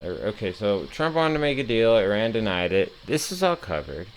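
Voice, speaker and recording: A man's voice: fairly low pitch, big pitch swings, a little fast, a little hiss or hum. A man hosting his own news commentary show, reading headlines and reacting with sarcastic, profane, rambling asides.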